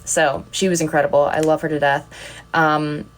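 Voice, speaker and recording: Young woman rambling and giggling on a live stream, a bit low pitched, pokes fun at herself. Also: flat delivery, normal speed. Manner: giggly, rambling, self-deprecating storyteller. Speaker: content creator on a livestream. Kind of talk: casual livestream chat.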